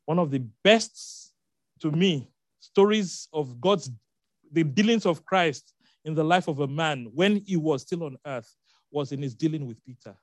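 A man's voice: fairly high pitch, animated, measured pace, no room sound. A man preaching a sermon, emphatic, repeating key phrases and making asides to the congregation.

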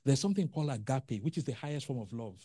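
A preacher giving a sermon in an animated way, acting out quotes and asking the congregation questions. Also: mid-range voice, fast talker, slightly rough, no room sound, clean studio sound.

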